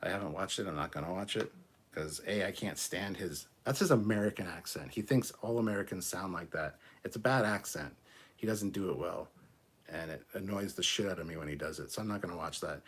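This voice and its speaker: A low-voiced man with a husky, slightly rough tone hosts a casual livestream chat. He answers viewer comments bluntly and argumentatively, swearing freely along the way. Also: brisk. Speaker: podcast host reading viewer comments.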